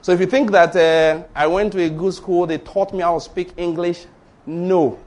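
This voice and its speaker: A middle-aged Nigerian pastor with a Yoruba accent, preaching in an animated storytelling way and acting out conversations. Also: male voice, high-pitched, moderate pace. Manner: animated storytelling, acts out dialogue, rhetorical questions. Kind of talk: sermon.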